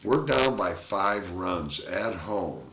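A man with a slightly low voice tells stories from his playing days in an easygoing, animated way. He chuckles through his anecdotes. The recording is roomy and echoey. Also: slow pace. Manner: animated anecdote teller, laughs often. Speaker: former pro baseball catcher, guest. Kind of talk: casual storytelling interview. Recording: roomy echo.

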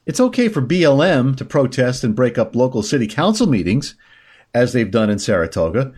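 Man, medium pitch, talk show host, news commentary, sarcastic, indignant asides. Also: darkish tone. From upstate New York.

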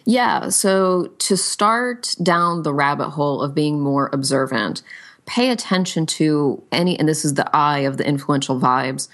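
A woman coach answering interview questions, explaining with lively acted-out example quotes. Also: low voice, slow pace. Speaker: guest, sales coach.

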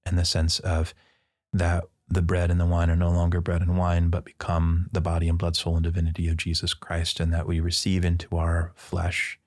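A man's voice: low-pitched, monotone, fairly quick, a little mellow. A man, a priest and podcast guest, telling a personal story in casual conversation and acting out the dialogue with playful asides. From Midwestern United States.

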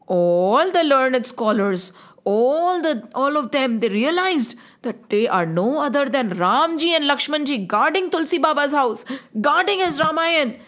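A woman telling a devotional story to a child in an animated way, often asking the listener questions. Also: high-pitched, measured pace.

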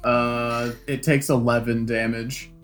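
A man playing a tabletop game, talking in a laid-back, halting way. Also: medium pitch, little pitch movement, over music. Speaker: player. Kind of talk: casual game talk.

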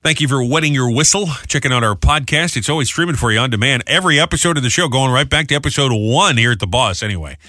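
A man's voice: medium pitch, lively intonation, bright, forceful tone, dry recording. A man co-hosting a radio show, bantering casually and teasing his co-host with jokes, in a studio. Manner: jokey, quick, teasing.

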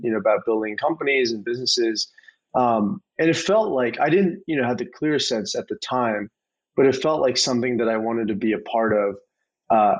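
A man in his twenties from Arizona, a guest on a casual interview. His voice sits mid-range, and he speaks in a relaxed, hedging way full of fillers. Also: medium pitch, rough recording. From Arizona, USA. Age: 20s. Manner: relaxed, many fillers and hedges. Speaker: venture capital guest.

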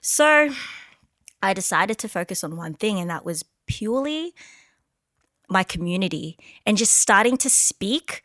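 A woman's voice: mid-range voice, a little slow, dry recording. Young woman, podcast guest, casual chat, frank, laughs a lot, dry close sound. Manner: animated, laughs often, frank. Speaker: guest, content creator. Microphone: podcast microphone.

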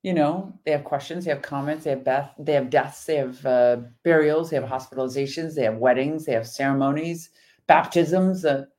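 A woman's voice: sits low, brisk, darkish tone. Emphatic woman in devotional chat. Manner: earnest, emphatic. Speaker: co-host.

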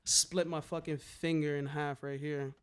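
A young man telling graffiti stories in casual chat, animated and slangy, swearing freely. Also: a little high, unhurried, a crowd in the background. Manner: animated, slangy, swears a lot, repeats "a hundred percent".

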